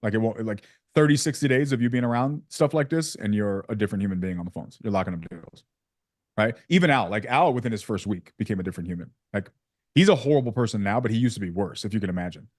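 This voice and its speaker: A man's voice: lowish voice, animated, dry recording. Slangy joking man, dry sound. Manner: fast, slangy, joking, lots of fillers. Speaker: sales community host. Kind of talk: casual coaching chat on a video call.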